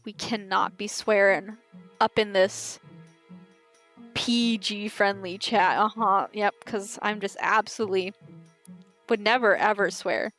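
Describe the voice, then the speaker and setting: A woman's voice: medium pitch, steady tone, measured pace, fairly bright tone, faint music behind. A woman in her twenties with a light Southern accent, chatting and giggling with her live-stream chat. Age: 20s.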